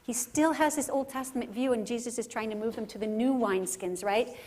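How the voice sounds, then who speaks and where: A woman speaker giving a faith lecture at a conference center, animated and acting out scenes, often checking in with "right?". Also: on the high side, brisk.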